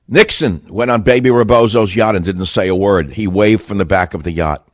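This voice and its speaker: A male radio talk show host delivers a combative, sarcastic monologue, leaning hard on emphasis into a close studio mic. His voice is lowish, his pace normal with few pauses, and the recording is dry.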